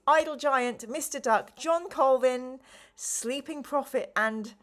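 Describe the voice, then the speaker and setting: Tired, slow-talking woman streamer. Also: high voice, fairly bright tone. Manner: slow, rambling, chatty with frequent ums and apologies. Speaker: live stream host running a gamebook play. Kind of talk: casual live-stream chat.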